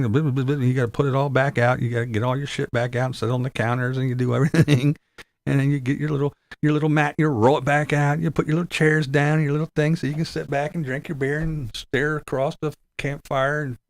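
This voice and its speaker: A man's voice: medium pitch, steady tone, fast, vocal fry, no room sound. A man talking in a rambling, sarcastic, casual way, swearing a lot as he complains. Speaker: vlogger. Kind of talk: casual profane chat.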